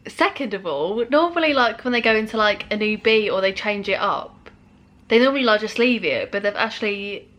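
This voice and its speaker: Girl chatting thru a reaction vid, bright voice, laughs a lot. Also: medium pitch, lively intonation. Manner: chatty, pauses the track to comment, laughs often. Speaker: reaction video host. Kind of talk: casual reaction commentary.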